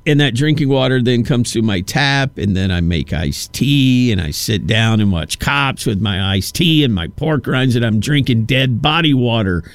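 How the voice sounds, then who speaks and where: A man's voice: medium pitch, lively intonation, normal speed, hardly any pauses, no room sound. A man hosting a radio talk show, rambling through stories and acting out quotes in a casual monologue. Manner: rambling, storytelling with acted-out quotes.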